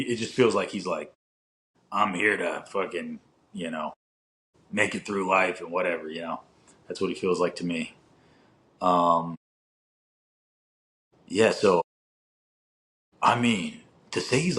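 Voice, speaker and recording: Young male podcast co-host, casual rambling delivery, fond of filler and swearing, lowish voice. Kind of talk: casual chat.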